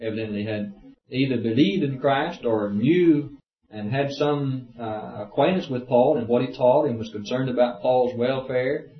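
A man's voice: medium pitch, a little slow. Man, Bible class teacher, reads verses then explains, echoey room, muffled old recording. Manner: reads scripture aloud then explains in plain talk. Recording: roomy, dull lo-fi tape.

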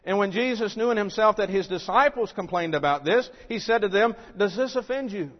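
Emphatic preacher man in a reverberant hall. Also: fairly quick. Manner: emphatic, rising to loud rhetorical questions then dropping low. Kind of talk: sermon. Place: church sanctuary. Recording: dull recording with long hall reverb.

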